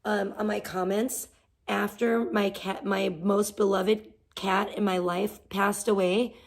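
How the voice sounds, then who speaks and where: A woman's voice: mid-range voice, flat delivery, takes it slowly, vocal fry. A woman hosting a livestream, venting casually with profane, sarcastic rants and talking to her chat. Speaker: livestream host.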